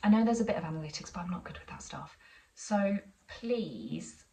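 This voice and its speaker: Woman, English accent, lowish voice, casual rambling vlog chat, a bit off-mic. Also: animated, normal speed, gravelly, warm tone, far from the mic, low-quality recording. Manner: chatty, rambling storytelling with frequent asides. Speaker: vlogger.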